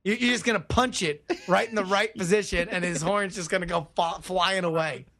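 A podcast co-host with a high voice jokes and pushes back with sarcastic challenges. His delivery is loose, conversational banter. He is a man who sounds quick to mock. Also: fairly even intonation, bright, forceful tone. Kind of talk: casual comedic debate and sponsor reads.

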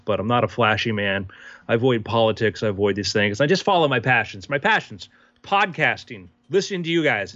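A man in a tabletop role-play voicing a reclusive, wealthy man in his sixties who speaks in a measured, quietly unsettling way. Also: mid-range voice, no room sound, natural voice. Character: reclusive wealthy older man, calm and creepy. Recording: slightly dull lo-fi podcast audio.

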